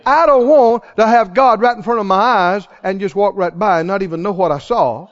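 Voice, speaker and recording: A man preaching a sermon dramatically, asking the congregation questions and swinging between loud exclaims and hushed lines. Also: high-pitched, brisk. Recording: dull lo-fi sound.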